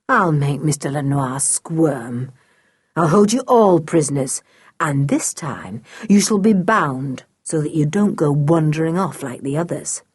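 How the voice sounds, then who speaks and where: A woman's voice: sits low, a little mellow, slightly rough, dry recording, studio quality, exaggerated voice. Woman playing a menacing smuggler man. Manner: menacing, commanding. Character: angry scheming male smuggler, middle-aged.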